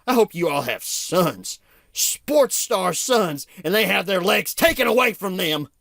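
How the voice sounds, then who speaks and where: A man's voice: sits high, big pitch swings, measured pace, creaky, fairly bright tone, dry recording, studio quality, voice pushed up, full character voice. A man doing a bitter racer. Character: bitter grown man racer ranting from a wheelchair.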